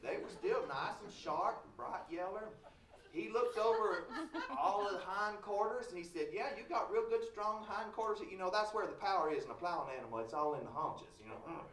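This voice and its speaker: Folksy storyteller in a hall. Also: male voice, sits high, lively intonation, moderate pace, a bit bright. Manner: folksy, joking asides to audience. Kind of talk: live folk storytelling. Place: conference hall. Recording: roomy hall, distant mic.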